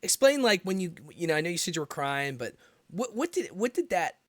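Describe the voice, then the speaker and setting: A man's voice: high voice, big pitch swings, fairly quick, a bit bright, dry recording. A man hosting a podcast, asking rambling questions full of fillers in a casual chat. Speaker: podcast host.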